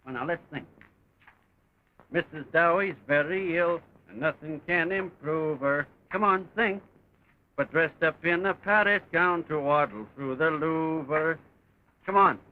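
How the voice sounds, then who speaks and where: An actor in a 1930 film playing a brash young soldier on leave, speaking in a breezy, teasing way with hesitant filler sounds. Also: male voice, on the high side, measured pace, natural voice. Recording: muffled early sound-film audio.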